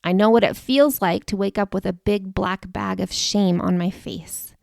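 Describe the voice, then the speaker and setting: A woman's voice: medium pitch, steady tone, normal speed, vocal fry, darkish tone, no room sound, clean studio sound. A woman in her forties telling a personal story as podcast host, earnest and confiding, speaking directly to the listener. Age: 40s.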